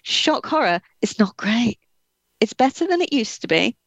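A woman's voice: a little high, big pitch swings, moderate pace, dry recording. A young English woman with a slight Scottish touch in her accent, a guest author in a casual interview, chatty and laughing between words. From England.

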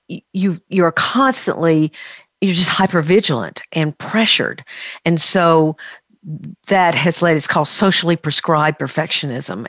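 A woman psychologist explaining in a measured, thoughtful way during a conversational interview, using clinical terms. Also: deep voice, dry recording. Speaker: psychologist guest.

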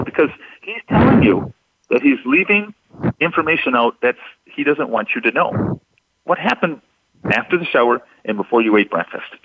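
A man's voice: medium pitch, lively intonation, moderate pace, husky, no room sound. A man explaining deception cues in an instructive, emphatic manner on a radio talk show. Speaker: deception expert guest. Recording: dull lo-fi radio audio.

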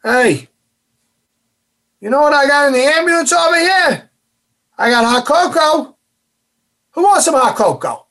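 Barking drill instructor, put on by a man, husky, commands rising high and loud. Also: expressive, measured pace, exaggerated voice. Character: barking male drill instructor, harsh and mocking.

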